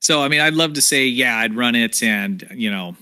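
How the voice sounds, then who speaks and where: A man's voice: mid-range voice, animated, normal speed, sharp tone, clean tone. A man on a casual podcast panel, speaking modestly and reasoning with many fillers. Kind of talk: casual discussion.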